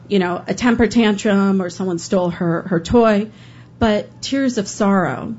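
A woman's voice: mid-range voice, a little slow, a little mellow, muffled recording. A woman who works as a public defender telling an emotional first-person story to an audience, acting out what others said along the way. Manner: earnest, emotional, quoting others in dialogue.

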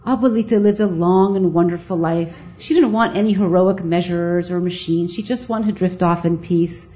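A woman voicing a calm young male nurse. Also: fairly low pitch, normal speed, dull audio, lightly acted. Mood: gentle.

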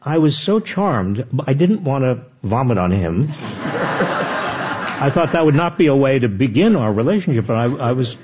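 An older man telling anecdotes as a guest author, with animated and self-deprecating restarts. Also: mid-range voice, unhurried, muffled recording. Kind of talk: conversational storytelling.

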